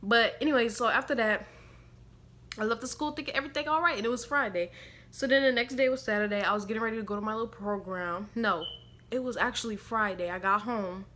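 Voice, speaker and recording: A woman's voice: fairly high pitch, quick pace, bright, forceful tone, a little hiss or hum. A woman casually telling a rambling, slangy story to her viewers, laughing along as she goes. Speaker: storytime vlogger.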